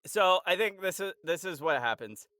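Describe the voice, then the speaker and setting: A male game master narrating a tabletop game, slow and hesitant, with many fillers. His voice is bright and clear, and it rises and falls a lot. The sound is dry and close. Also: high voice, lively intonation, no room sound.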